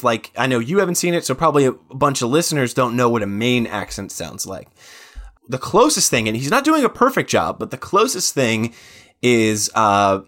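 A man in his thirties co-hosting a casual podcast, his voice sitting at an ordinary middle pitch. He rambles through his stories and keeps acting out quotes from other people. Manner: rambling, animated storytelling with quoted asides. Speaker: podcast co-host. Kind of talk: casual chat.

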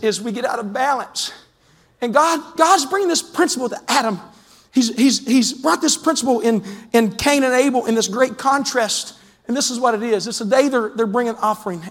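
High, bright-voiced preaching man. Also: long reverb tail. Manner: lively, conversational preaching with sudden shouts. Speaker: pastor. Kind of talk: sermon. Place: church sanctuary.

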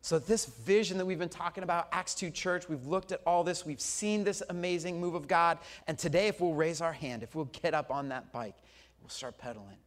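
Man, 40s, pastor giving a sermon; lively storyteller, slightly high voice. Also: a little fast. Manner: storytelling, animated, swings from loud to soft.

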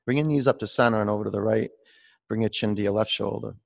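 Male yoga teacher, low and gravelly, chatty streamed class, rambles between cues. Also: quick pace.

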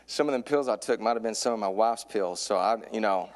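A man in his thirties preaching a sermon from a church pulpit, telling a comic story and getting louder and higher as it builds. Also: a little fast, few pauses, slight background noise. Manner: animated storyteller, voice climbs high in excitement. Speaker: youth pastor preaching.

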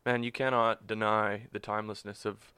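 A man's voice: on the low side, little pitch movement, moderate pace, sharp tone, clean tone, faint music behind. A man in a casual podcast chat, playfully teasing and swearing casually.

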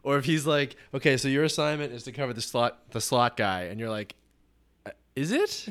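A man's voice: medium pitch, quick pace, fairly bright tone, clear, resonant tone. A man in casual sports podcast chat, swearing freely, ranting and acting out mock conversations. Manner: profane, ranting, acts out mock dialogue. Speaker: podcast co-host.

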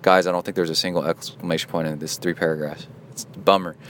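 A man with a fairly low voice hosts a laid-back podcast chat. He jokes and riffs freely, with a faint hum of background noise behind him. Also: level tone, fast, a bit bright. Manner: playful, joking, goofy asides. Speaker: podcast host.

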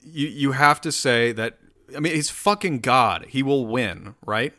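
A man's voice: mid-range voice, a little slow, bright, forceful tone. A man hosting his own solo show, rambling and swearing in a casual rant full of restarts. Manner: rambling, profane, self-interrupting.

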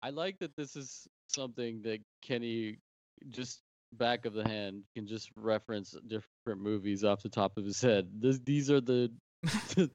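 A man's voice: fairly low pitch, moderate pace, darkish tone, no echo, muffled recording. A man co-hosting a podcast, laid-back and agreeable in casual comedic chat. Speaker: podcast co-host.

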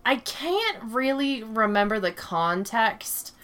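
A woman's voice: a little high, big pitch swings, slow pace, a bit bright. A young adult woman hosting a casual chat show, brash and swearing freely. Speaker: show host.

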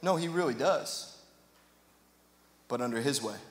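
A man's voice: mid-range voice, measured pace. A man preaching a sermon in a church, conversational and joking, then rising to passionate emphasis. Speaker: pastor. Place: church sanctuary. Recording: echoey hall reverb.

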